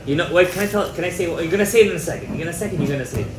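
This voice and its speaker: A man with a fairly high voice gives an animated, emphatic Torah class and drops in Hebrew terms as he goes. His words ring around a reverberant room. A faint ambient hum sits underneath. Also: rapid-fire. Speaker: rabbi teaching a Torah class. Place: indoor room with a live audience.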